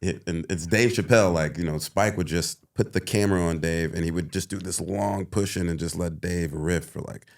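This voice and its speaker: Low-voiced man telling animated stories. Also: normal speed, creaky, hardly any pauses. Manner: laughs often, acts out others in high voices. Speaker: guest actor. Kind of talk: animated storytelling.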